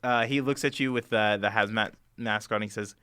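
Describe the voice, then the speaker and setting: A man narrating a tabletop game as game master, halting with many fillers. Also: on the low side, steady tone, pushed and bright, clean tone, dry recording.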